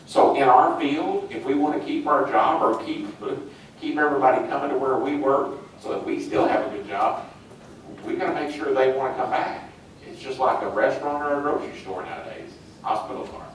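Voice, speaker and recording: A man's voice: mid-range voice, lively intonation, a little fast, recorded from a distance, a little hiss or hum. Chatty male trainer in echoey hall. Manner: chatty, acts out little scenes with laughs. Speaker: orientation trainer. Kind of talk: casual training talk to new staff.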